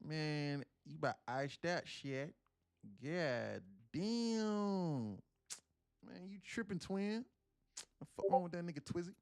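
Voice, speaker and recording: A man putting on a loud brash street talker. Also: a little high, expressive, creaky, clear, resonant tone, dry recording, voice pushed up, heavily acted. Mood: brash boasting. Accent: Southern US. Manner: loud, brash, slangy, drawn-out. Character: loud boastful young man talking street slang.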